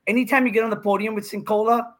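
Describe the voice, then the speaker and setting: There's slight background noise as a man in his fifties from India talks very fast in a high-pitched voice. A pickleball pro on a podcast, he's excitable and joking, spinning rambling stories in casual chat.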